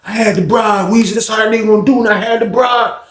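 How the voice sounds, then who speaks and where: A man voicing a stubborn, defiant older male inmate with a gruff, muttering delivery. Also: high voice, fairly even intonation, quick pace, a bit bright, echoey room, pitched above the performer's own voice.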